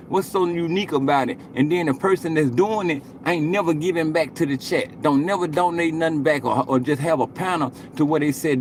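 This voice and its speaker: A man's voice: on the high side, brisk, few pauses, slight background noise. A man in his late forties chatting casually to viewers on a live stream, rambling and cursing, and tagging most thoughts with "you know what I'm saying.". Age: 40s.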